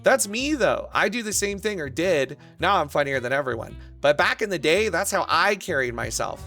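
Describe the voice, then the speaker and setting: Gravelly, bright-voiced crude male streamer. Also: a little high, moderate pace, faint music behind. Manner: crude, rambling, excitable bursts. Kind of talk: casual stream chat.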